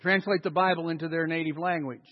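A man preaching a sermon as a pastor, telling stories and swinging from loud acted-out quotes to hushed, slow emphasis. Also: a little high, steady tone. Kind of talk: sermon storytelling. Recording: dull sound with long hall reverb.

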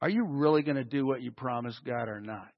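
A man preaching a sermon in a large church hall, animated and full of rhetorical questions. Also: medium pitch, a little fast. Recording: dull lo-fi with long hall reverb.

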